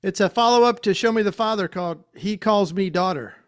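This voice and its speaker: A man's voice: sits high, a little fast. A man hosting a podcast interview over a video call, talking in an effusive, enthusiastic way and laughing easily. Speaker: podcast host. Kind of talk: casual interview chat.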